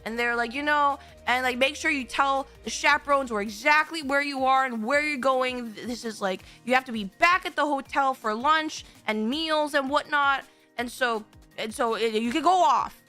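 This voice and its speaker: A young woman with a high, sharp, bright voice tells a long story to her stream. She rambles, restarts and swears freely, jumping into little impressions of the people involved. Soft game music plays faintly behind her. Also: normal speed. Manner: animated, rambling, swears, acts out quotes. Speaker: VTuber streamer.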